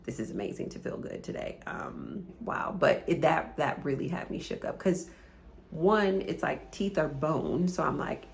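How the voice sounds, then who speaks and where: Woman vlogger around forty, deep voice with vocal fry; casual, earnest, halting delivery. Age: about 40. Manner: rambling, halting, repeats words. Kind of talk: casual chat.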